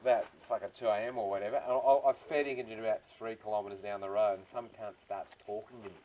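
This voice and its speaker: A man's voice: on the low side, steady tone, fast, mellow. Crude australian man cracking jokes. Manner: crude, laid-back, swearing storyteller. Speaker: stand-up comedian. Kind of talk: crude stand-up comedy banter with crowd. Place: outdoors party on a farm with a crowd. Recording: crowd noise behind. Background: crowd laughing.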